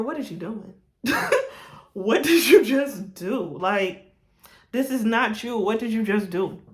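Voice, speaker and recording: A young woman in a roomy, echoey space tells a story straight to her camera. Her voice sits a little high, and she breaks into laughs as she goes. It sounds casual and animated. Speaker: vlogger. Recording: roomy echo.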